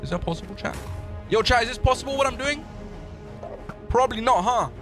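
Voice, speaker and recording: A male streamer giving excitable gaming livestream commentary, talking to his chat and shouting when he panics. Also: extremely high pitch, brisk, music in the background.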